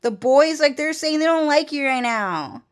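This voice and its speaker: Woman putting on a high, breathless gossipy girlfriend. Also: expressive, normal speed. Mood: insistent. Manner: urgent, repetitive, insistent. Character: young woman friend, breathless gossipy worrier.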